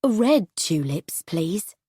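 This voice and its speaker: A woman voicing a gentle farm wife who speaks softly and politely in a slow storybook reading. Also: fairly low pitch, big pitch swings, slightly rough, no echo, exaggerated voice.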